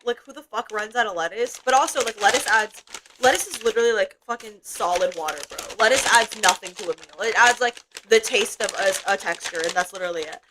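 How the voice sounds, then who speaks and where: A woman's voice: mid-range voice, fairly quick, background noise. A young woman streaming, chatting casually while eating, rambling and swearing freely with lots of fillers. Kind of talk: casual livestream chat. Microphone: desk mic while eating.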